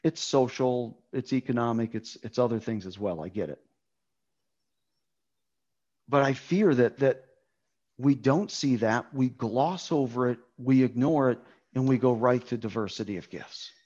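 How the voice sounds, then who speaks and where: A man's voice: mid-range voice, unhurried, a little mellow, dull audio. A man preaching a sermon on a Bible passage, emphatic, repeating key words for stress.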